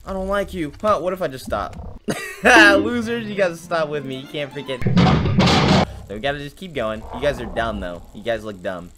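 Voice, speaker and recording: A man's voice: on the high side, expressive, moderate pace, over loud music. Jumpy young man gaming, voice swooping wildly. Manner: jumpy, yelps and shouts when startled; mock-brave taunting and slangy banter with viewers. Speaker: gaming video host. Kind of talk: let's play commentary.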